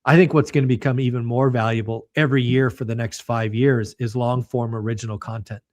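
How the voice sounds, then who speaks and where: A man hosts a podcast in a relaxed chat. He speaks in a measured, reflective way. His voice sits in an ordinary middle pitch, with a few filler words. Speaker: podcast host. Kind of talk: casual conversation.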